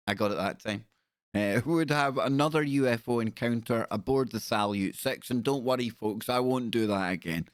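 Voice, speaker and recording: A man's voice: medium pitch, expressive, normal speed, no echo. A man hosting a livestream, narrating casually in a chatty way and stumbling over foreign names with self-mocking asides. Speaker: livestream host. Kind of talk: casual live-stream narration.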